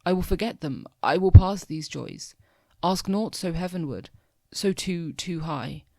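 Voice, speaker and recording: A man's voice: high voice, a little slow, creaky, dark tone, dry recording. A young man reading the part of an enchanted elephant who was once a king, pleading in solemn verse.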